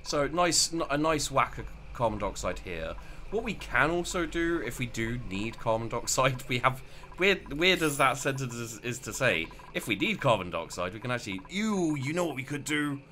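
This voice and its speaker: A man's voice: mid-range voice, expressive, normal speed, sharp tone, a little hiss or hum. A man casually commentating his gameplay, rambling and mocking himself as he plays. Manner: rambling, self-mocking, talks to himself while playing. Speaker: let's play gamer.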